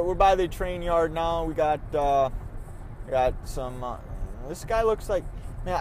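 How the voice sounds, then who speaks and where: A man's voice: fairly high pitch, a little hiss or hum. A man hosting his own podcast from the car, rambling casually, stumbling over and repeating his words. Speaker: podcast host. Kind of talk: casual rambling monologue while driving. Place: in a car on city roads.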